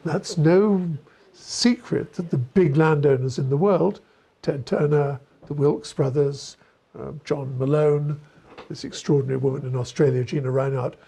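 Gravelly, husky man telling stories wryly. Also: a little high, a little slow, warm tone. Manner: discursive, wry, self-deprecating asides. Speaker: author giving a talk. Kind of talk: storytelling lecture answering questions.

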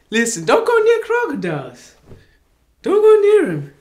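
A woman's voice: extremely high pitch, huge pitch swings, a little slow, a little mellow. A woman hosting a reaction video who keeps exclaiming in shock and scolding the people on screen, repeating short outbursts. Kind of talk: casual reaction commentary.

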